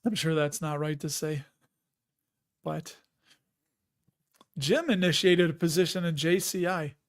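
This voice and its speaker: A man's voice: a little high, measured pace. A man with a Chicago accent hosting a casual live stream, rambling and chatty and often laughing as he reads out viewer comments.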